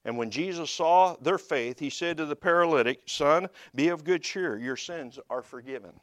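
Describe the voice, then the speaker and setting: High-voiced preacher, dry and close. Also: male voice, moderate pace, dry recording. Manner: builds from quiet storytelling to loud emphatic preaching. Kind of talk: sermon.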